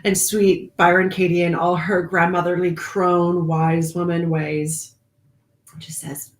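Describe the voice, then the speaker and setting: A woman's voice: fairly low pitch, level tone, reverberant. A woman leading a live online spiritual group, talking in a confiding way and laughing often. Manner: warm, confiding, laughs often, speaks slowly at moments.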